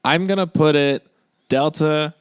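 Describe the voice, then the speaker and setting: A man's voice: fairly high pitch, a little slow, clean tone, no room sound. A man in a casual comedic podcast chat, dropping dry wisecracking one-liners.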